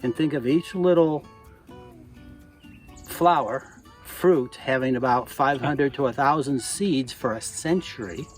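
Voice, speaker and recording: A volunteer guide explains things patiently and step by step, with a mid-range male voice. Soft guitar music runs under him. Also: medium pitch, measured pace. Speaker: volunteer park tour guide. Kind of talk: explanatory guided tour talk.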